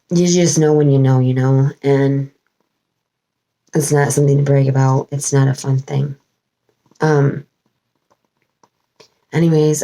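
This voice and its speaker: Gravelly low-voiced woman channeler. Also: darkish tone, poor audio. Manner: rambling, meandering, with many fillers and restarts. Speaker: spiritual channeler. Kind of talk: casual spiritual vlog monologue. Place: at home.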